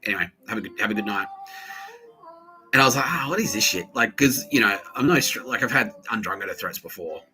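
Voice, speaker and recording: A man's voice: lowish voice, fast, pushed and bright, soft background music, poor audio. An Australian man hosting a podcast, telling a rambling, crude story full of swearing and muttered asides. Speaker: podcast host. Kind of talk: rambling profane monologue.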